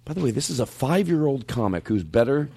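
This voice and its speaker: A man hosts a loose comedy podcast from a studio, full of jokes and easy laughter. His voice sits at a middle pitch but swings widely as he riffs. He talks casually and playfully. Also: sing-song, vocal fry, warm tone, breathy edge. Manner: playful, laughing, quick to joke. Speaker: podcast host.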